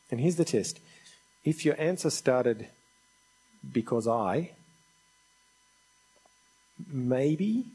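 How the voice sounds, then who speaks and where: A man's voice: on the low side, mellow, slightly rough, poor audio. A man preaching a sermon in an earnest, conversational and pleading manner.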